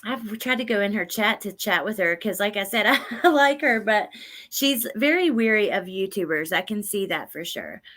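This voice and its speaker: A woman's voice: mid-range voice, animated, moderate pace, a bit bright. A woman hosting a casual livestream, chatting with viewers by name and repeating lines from a clip. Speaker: livestream host.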